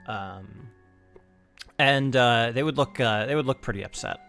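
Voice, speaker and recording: A man narrating a tabletop game as game master, unhurried, with many fillers. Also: medium pitch, creaky, fairly bright tone, soft background music.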